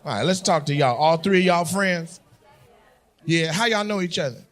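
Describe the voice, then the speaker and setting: A male stand-up comedian doing loud, teasing crowd work, often laughing as he talks. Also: on the high side, expressive, moderate pace.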